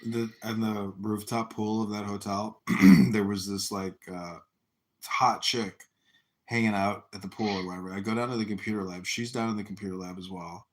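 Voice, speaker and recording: A man's voice: lowish voice, fairly even intonation, moderate pace. A man chatting casually on a podcast, telling crude, profane stories in a loose, rambling way.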